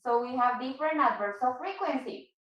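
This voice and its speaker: High-voiced woman teaching English in an echoey room. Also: a little fast, recorded from a distance, muffled recording. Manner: patient, switches to Spanish to explain. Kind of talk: online English class.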